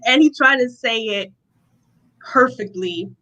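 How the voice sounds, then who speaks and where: A young woman from Rochester, New York, a guest telling a personal testimony in an interview, animated and often acting out what people said. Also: fairly high pitch, slow pace, low-quality recording. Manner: animated storytelling, acting out quotes, laughs often.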